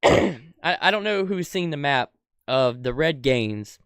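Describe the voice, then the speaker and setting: A young adult man giving an angry, profane political rant as a commentator, swinging from shouted outbursts to low muttering. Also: lively intonation, slow pace, smooth, dry recording, studio quality.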